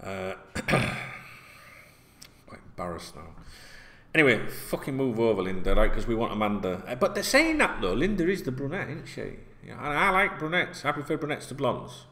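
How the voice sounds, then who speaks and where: A man's voice: mid-range voice, very animated, moderate pace, a bit bright. A man, ranting casually and bluntly to camera as a football vlogger, swearing often and rambling between topics. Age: 40s.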